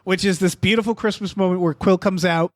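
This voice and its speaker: A man co-hosting a podcast, talking about a holiday special in an animated, swearing, laughing way. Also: high voice, fairly quick, no echo, studio quality. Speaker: podcast host. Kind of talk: casual movie discussion.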